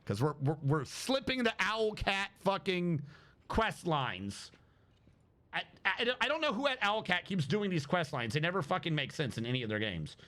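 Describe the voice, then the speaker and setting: A man's voice: high voice, sing-song, normal speed, bright, forceful tone. A man streaming a game live, talking through his play and venting at it with heavy swearing. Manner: profane, exasperated venting. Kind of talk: live-stream gameplay commentary.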